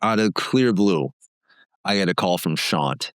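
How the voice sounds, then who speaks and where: A former band musician, appearing as a podcast guest, tells candid stories in a low, animated, somewhat slow voice with a fairly bright tone. He's frank and casual, using lots of fillers and some swearing, and there's no echo.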